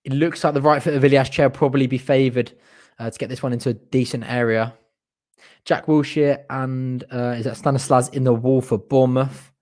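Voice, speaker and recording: A young man giving partisan, excitable fan commentary on a live match, cheering his team on and groaning at missed chances. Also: mid-range voice, fairly quick.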